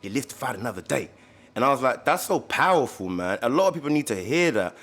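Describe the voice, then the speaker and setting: A man's voice: medium pitch, sing-song, quick pace, fairly bright tone. A man who works as a personal trainer, talking casually as a podcast guest in a laid-back, slang-heavy, emphatic way. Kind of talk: casual chat.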